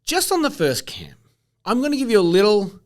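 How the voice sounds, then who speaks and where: A middle-aged man talks straight at the listener on his own podcast. His voice sits a bit high for a man and rises and falls a great deal. He is blunt and animated and drops the odd swear word. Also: fairly quick. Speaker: podcast host. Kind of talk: casual solo podcast monologue.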